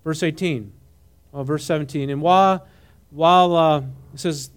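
A man's voice: fairly high pitch, normal speed, smooth. A man preaching a conversational sermon. He reads scripture aloud, adds his own comments and keeps asking the congregation questions. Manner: animated, asks the audience questions, mixes reading with comment. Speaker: preacher teaching a Bible passage.

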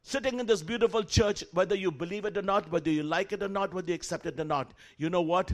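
Man preacher, high voice, animated storytelling sermon that calls out to the congregation. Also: fast talker, few pauses. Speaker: guest preacher.

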